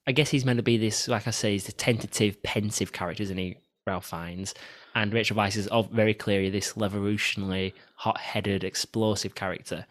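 Host guy, lowish voice, dry sarcastic jabs, leads the film chat. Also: steady tone, brisk, few pauses, fairly bright tone. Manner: steers the talk, dry sarcastic asides. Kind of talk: casual film review chat.

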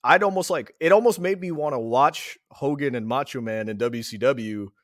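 Man, podcast guest, sarcastic, animated, dry recording. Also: mid-range voice, normal speed, no room sound. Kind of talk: casual podcast chat.

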